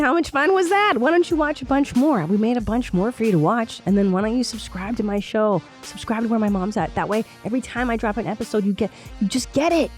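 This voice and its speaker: A woman host speaks quickly and cheerfully, straight to the audience, in a short outro. Faint music plays underneath her voice. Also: mid-range voice. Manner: upbeat direct address to viewers. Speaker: podcast host. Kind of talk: outro promo.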